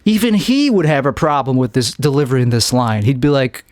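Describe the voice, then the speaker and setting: A man's voice: mid-range voice, expressive, fairly quick, few pauses, a little mellow, no echo. A man hosting his own podcast, rambling jokily through a solo monologue and acting out lines in put-on voices. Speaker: podcast host.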